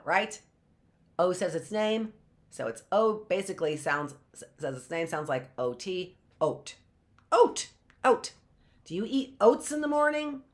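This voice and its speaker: A woman teaching a phonics lesson, sounding out words slowly and repeating them, with playful asides. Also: fairly low pitch. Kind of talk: phonics lesson for live online class.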